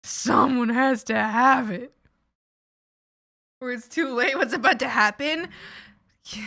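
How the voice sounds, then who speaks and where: A woman's voice: fairly high pitch, takes it slowly, pauses often, bright, forceful tone, no room sound, clean studio sound. A woman streamer in casual livestream chat, talking in a playful, rambling, goofy way.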